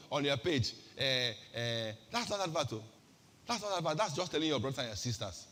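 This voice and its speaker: A woman's voice: sits low, husky, long reverb tail. A woman pastor with a Nigerian accent giving an emphatic sermon-style talk, firing off rhetorical questions and repeating her key phrases.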